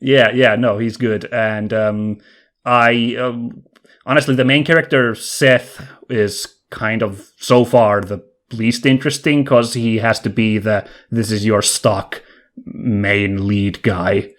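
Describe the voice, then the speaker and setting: A man's voice: mid-range voice, steady tone, a little slow, a bit bright. A man co-hosting a casual podcast, chatting enthusiastically and thinking aloud as he talks. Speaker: podcast co-host. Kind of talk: casual podcast chat about video games.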